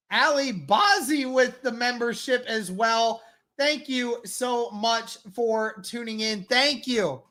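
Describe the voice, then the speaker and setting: Slow-talking woman reacting to live football. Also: on the high side. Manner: animated, exasperated fan reactions addressed to chat. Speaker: live watch-along host. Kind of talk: live play-by-play reaction stream.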